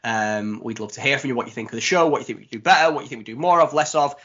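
A man's voice: mid-range voice, racing, a bit bright, husky. A man hosting a podcast in a casual, jokey way, full of ums and asides. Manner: chatty, jokey, with many ums. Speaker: podcast host. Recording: dull lo-fi podcast audio.

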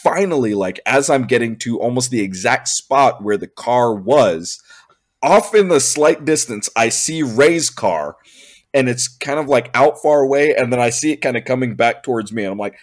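A young man recounting a night out to friends in an animated, exasperated ramble. His voice sits in an ordinary middle pitch, and he swears freely and laughs through the telling. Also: normal speed. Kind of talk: casual storytelling chat.

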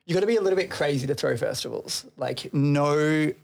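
A man's voice: on the high side, fairly quick, creaky. A man, an event organizer chatting loosely on a podcast, laughing often. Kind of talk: casual podcast chat. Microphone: headset microphone.

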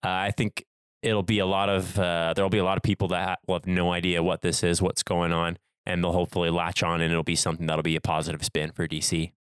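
A man with a deep, smooth voice co-hosts a casual podcast. He talks loosely and wanders into side tangents, restarting his sentences as he goes. His voice sits dry and close on the mic. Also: flat delivery, fast talker, no room sound. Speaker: podcast co-host. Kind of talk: casual chat.

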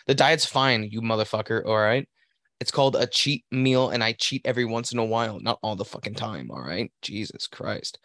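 A man's voice: lowish voice, normal speed, fairly bright tone, dry recording, clean studio sound. A young man on a podcast telling a rambling work story in a casual, profane way. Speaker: podcast host. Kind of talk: casual chat.

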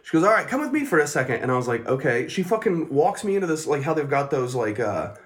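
A man's voice: on the high side, very animated, fast. A man casually telling a long, profane story on a podcast and laughing often as he talks. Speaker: podcast co-host.

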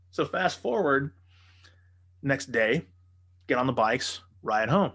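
A man in casual conversation tells a rambling, profane story. He jumps into loud, animated versions of the people he quotes and keeps checking in with his listener. His voice sits at an average pitch for a man. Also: measured pace.

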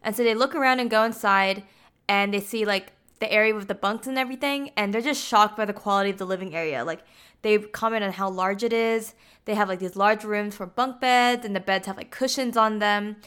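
Smooth-voiced woman recapping a film. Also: mid-range voice, brisk, fairly bright tone. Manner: chatty, heavy use of "like" fillers. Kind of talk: casual film plot recap.

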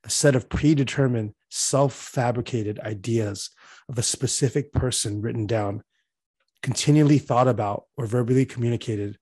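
A man's voice: medium pitch, normal speed, darkish tone, slightly rough, no echo. A young man talking in a loose, rambling way, full of fillers, laughing as he tells stories. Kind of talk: casual chat.

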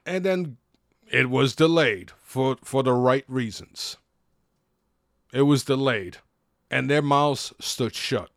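A man's voice: medium pitch, slow, a bit bright, no room sound, clean studio sound. A man podcasting, ranting in a blunt, profane, exasperated way. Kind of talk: ranting monologue.

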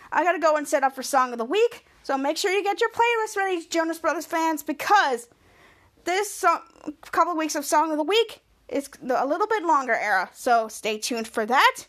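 A high-pitched woman hosting a casual podcast. She retells a TV episode with excitement and jumps into the characters' lines as she goes. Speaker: podcast host.

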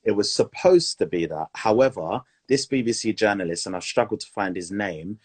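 A man's voice: lowish voice, lively intonation, moderate pace, husky. A man co-hosting a podcast, joking around and stumbling over restarts. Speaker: podcast co-host. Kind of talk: casual chat.

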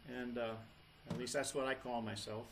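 Between songs at a live venue, with acoustic guitar playing behind him, this folk rock singer chats in a loose, meandering way full of restarts. His gravelly medium-pitched voice shows little pitch movement and a moderate pace, with slight background noise.

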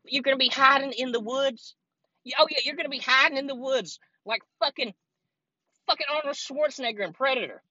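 Driving his car, a podcast host delivers a heated, profane, rambling solo rant while an air conditioner runs. His very high voice sounds pushed and bright. The recording has no room sound and the highs are cut off.

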